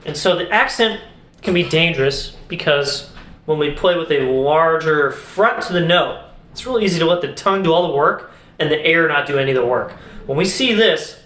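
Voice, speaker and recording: A man's voice: fairly high pitch, moderate pace. Young man teaching music in an echoey room. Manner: relaxed, explains while demonstrating on an instrument. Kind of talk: casual video lesson.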